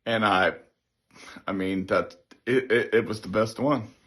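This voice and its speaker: A man's voice: lowish voice, a little slow. A middle-aged man casually telling a story, swearing freely and acting out what others said. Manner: animated, swears freely, acts out others' lines. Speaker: storyteller recounting a military prank.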